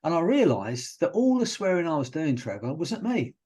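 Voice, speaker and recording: A British hypnotherapist telling stories in a relaxed, rambling way, often restarting his sentences as a podcast guest. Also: a little high, a little fast, breathy edge. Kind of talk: casual interview chat.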